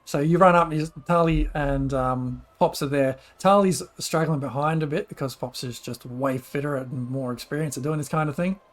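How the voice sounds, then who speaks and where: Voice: medium pitch, moderate pace, hardly any pauses. A game master narrating a tabletop game in a casual way, breaking into laughs between descriptions.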